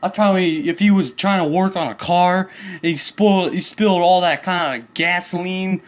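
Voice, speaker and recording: A man's voice: sits high, steady tone, normal speed. A man hosting his own video channel, delivering an angry, crude, swear-filled rant about a neighbor. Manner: crude, heated, swearing constantly.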